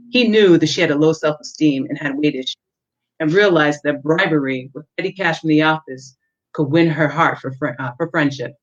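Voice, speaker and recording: In a deep voice, a woman author reads sections of her own novel at a steady, measured pace with a few fillers between. The recording is dull, lo-fi audio.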